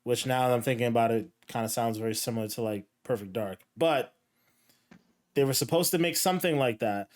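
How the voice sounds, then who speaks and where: A man hosting a gaming podcast in casual chat, relaxed and rambling with filler words. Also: mid-range voice, a little fast. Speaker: podcast host.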